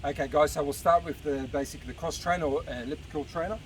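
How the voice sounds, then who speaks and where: At an outdoor beach park, a fitness coach with a voice on the high side talks fast as he demonstrates a casual workout. Slightly out of breath, he encourages viewers while exercising, picked up by a distant outdoor mic with traffic noise.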